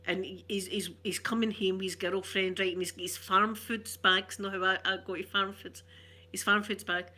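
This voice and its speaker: A woman with a Glaswegian Scottish accent chatting casually, a rambling storyteller who laughs often and slips into soft asides. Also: mid-range voice, steady tone, moderate pace. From Glasgow, Scotland. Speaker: ASMR vlogger. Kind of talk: casual chat.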